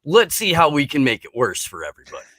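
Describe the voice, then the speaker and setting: A man co-hosting a podcast in casual chat, speaking in a measured, reflective way. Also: a little high, wildly swooping pitch, bright, forceful tone, no echo. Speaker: podcast co-host.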